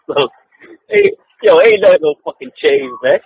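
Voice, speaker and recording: A man's voice: high-pitched, wildly swooping pitch, a little slow, gravelly. A man co-hosting a casual podcast, ranting in a profane, rambling way and laughing often between remarks. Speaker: podcast co-host. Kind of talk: casual chat. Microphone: online call. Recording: dull lo-fi call audio with faint hiss.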